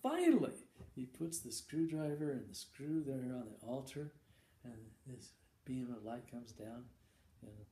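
Guy telling a long rambling joke, stumbles and repeats words, mellow voice, echoey room. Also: mid-range voice, expressive, a little hiss or hum. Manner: halting, repeats words, chuckles. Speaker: joke teller. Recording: echoey room with faint ambience.

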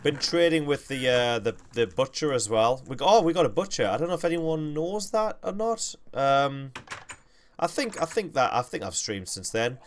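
A man's voice: medium pitch, sing-song, normal speed, slight background noise. A young man, hosting a game livestream with rambling, self-correcting, jokey commentary. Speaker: gaming livestream host.

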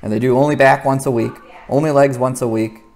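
A young man talks casually to the camera about his lifting routine. He rambles in a relaxed way and often restarts his sentences, with a mid-range voice that sits neither high nor low. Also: brisk. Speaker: weightlifter vlogger. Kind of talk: casual training talk to camera.

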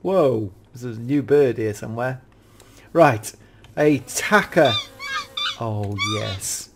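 A British man giving casual, excitable gameplay commentary as a YouTube reviewer, often gasping and exclaiming in wonder. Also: mid-range voice, takes it slowly, noisy background. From United Kingdom.

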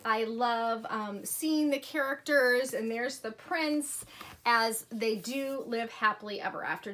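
A woman with a slightly high, bright voice shows children's books to viewers, gushing with enthusiasm and scattering ums through her talk. There is a faint hiss of noise under the recording. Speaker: book consultant. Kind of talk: casual product showcase.

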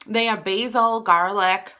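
A woman's voice: mid-range voice, fairly even intonation, unhurried, sharp tone. A woman from Wisconsin chatting casually to her viewers while eating lunch, rambling between bites. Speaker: vlogger. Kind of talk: casual mukbang vlog chat.

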